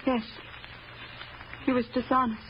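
A woman's voice: a little high, flat delivery, a little slow, close to an everyday voice. A woman playing a sweet small-town girl. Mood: gentle. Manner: gentle curious questions. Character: sweet young small-town woman minding a gas station. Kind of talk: 1940s radio acting. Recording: dull hissy old radio broadcast.

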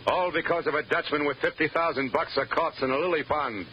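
A world-weary, hard-boiled private eye, as a man plays him tells his story in quick, clipped, wry lines. The pace runs fast. It sounds like a dull, lo-fi old radio broadcast. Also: on the high side, slight background noise, close to an everyday voice. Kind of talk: 1940s radio acting.

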